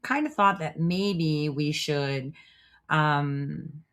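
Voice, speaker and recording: Woman host, low voice, chatty, trails off mid-thought on a livestream. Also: very slow, a bit bright. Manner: chatty, trails off while working her screen. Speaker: show host. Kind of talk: casual livestream talk.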